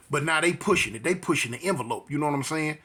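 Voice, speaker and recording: A man telling a street fight story in slangy, animated talk, acting out voices and punch sounds. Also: fairly high pitch, a little fast, breathy edge.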